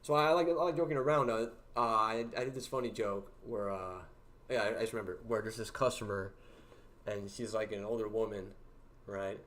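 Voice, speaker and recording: A young man with a fairly low voice hosts a casual livestream. He talks in a rambling, halting way, full of fillers and restarts, and chuckles at his own jokes. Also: fairly even intonation, a bit bright. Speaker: livestream host. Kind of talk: casual storytelling to a livestream chat.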